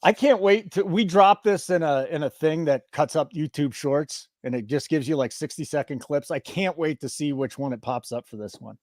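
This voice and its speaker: A man's voice: on the high side, moderate pace, hardly any pauses, darkish tone, no room sound, studio quality. A man hosting a sports betting show, joking and mock-indignant in casual banter.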